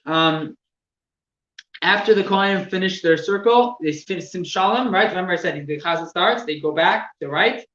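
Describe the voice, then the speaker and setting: A man teaching religious laws to a class, explaining step by step with halting repeats and gestures. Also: sits high, a bit bright. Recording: echoey room, distant mic, dull sound with faint noise.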